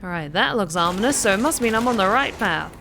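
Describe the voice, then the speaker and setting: A woman's voice: medium pitch, expressive, fast talker, over music. A woman streaming a video game live, thinking aloud as she plays and speaking in a neutral accent she is still practising. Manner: thinking aloud, musing, trailing off. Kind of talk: live gameplay commentary.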